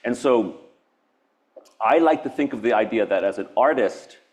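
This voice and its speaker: A man from Hawaii with a lowish, slightly mellow voice speaks at normal speed with lively intonation, giving a public artist talk in a university event space. Reflective and earnest, he meanders nonlinearly between thoughts, often restarting and laughing.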